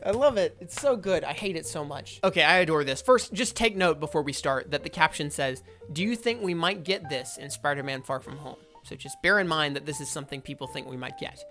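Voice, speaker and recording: A woman's voice: low voice, brisk, hardly any pauses, a bit bright, soft background music. A young woman hosting a comedic commentary vlog, wry and sarcastic as she reads posts aloud. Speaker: YouTube host.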